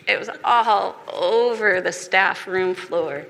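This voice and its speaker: A woman's voice: medium pitch, slow, vocal fry, few pauses, fairly bright tone. A woman preaching a sermon as a personal testimony, earnest and confessional, with emphatic repetition. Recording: reverberant hall with faint background noise.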